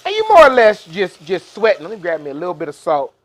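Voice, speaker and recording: This cooking show host talks quickly in a high voice with huge pitch swings. He's running a live demonstration in a kitchen with an induction burner, speaking to viewers in a casual, folksy manner.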